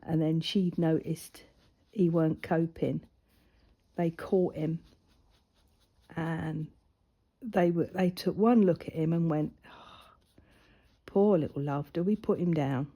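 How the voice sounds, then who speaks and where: In a low, warm voice with a steady tone, a woman talks at a slow pace. She's a crafting vlogger with a grown daughter, casually rambling through a personal story as she colours and often dropping to a near-whisper.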